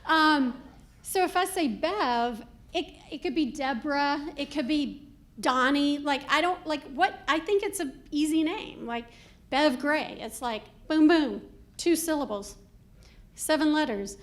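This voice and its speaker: A high-pitched woman works a comedy club crowd in a stand-up set. She is middle-aged and talks in a chatty, animated way, with plenty of "like" asides. She is heard through a handheld stage mic. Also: measured pace. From Georgia, US.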